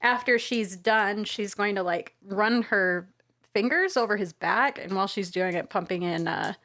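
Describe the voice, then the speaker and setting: A woman's voice: mid-range voice, moderate pace, fairly bright tone. A woman chatting and playing her character in a casual tabletop role-playing game, playful and laughing easily.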